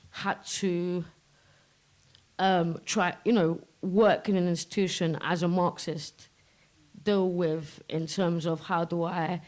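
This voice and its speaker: A guest artist talking on a live podcast in a pub, impassioned and swearing, with many pauses. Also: mid-range voice, darkish tone, poor audio. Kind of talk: casual live chat. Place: pub room before a live audience.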